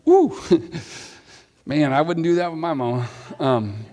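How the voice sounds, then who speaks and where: A man's voice: on the high side, unhurried, a little mellow. A man preaching a sermon as pastor, talking in a conversational way with playful asides to the congregation. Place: church sanctuary. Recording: long hall reverb.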